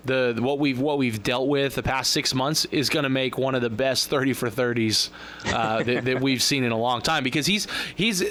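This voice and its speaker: A man's voice: mid-range voice, sharp tone. A man co-hosting a sports radio show, joking and rambling with frequent restarts. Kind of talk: casual sports radio banter.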